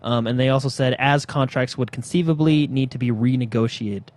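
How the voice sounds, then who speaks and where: A man's voice: mid-range voice, steady tone, fairly quick, a little mellow. Rambling male podcast co-host. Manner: rambling, reads out news items with frequent fillers. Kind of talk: casual chat.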